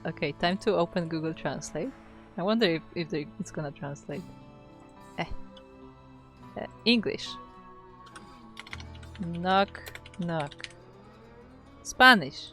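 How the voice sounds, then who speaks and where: A woman's voice: fairly low pitch, normal speed, bright, forceful tone, soft background music. Chatty woman casting a game live. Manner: chatty, filler-heavy, reads chat aloud. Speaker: esports caster. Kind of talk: casual live game commentary.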